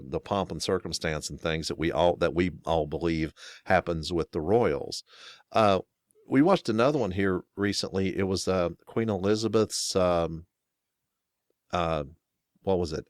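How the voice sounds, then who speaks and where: A man's voice: deep voice, no echo, studio quality. An American man co-hosting a casual talk show, rambling with many restarts and fillers. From United States. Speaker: podcast co-host. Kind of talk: casual chat.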